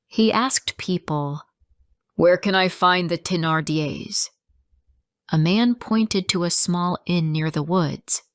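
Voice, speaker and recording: A woman narrating a story in calm, simple, clearly spaced phrases for English learners. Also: on the low side, no room sound, studio quality.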